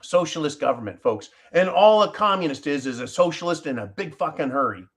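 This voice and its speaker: A man's voice: fairly high pitch, animated, brisk, slightly rough. A man hosting a live stream, talking passionately and emphatically to his viewers, swearing freely and calling them folks. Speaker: live show host.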